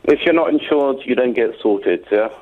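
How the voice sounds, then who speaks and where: A man's voice: mid-range voice, lively intonation, normal speed. A British man calling in to a radio show, telling his story in a rambling way with many hesitations. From Britain. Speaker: caller. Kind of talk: phone-in call. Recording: tinny phone line.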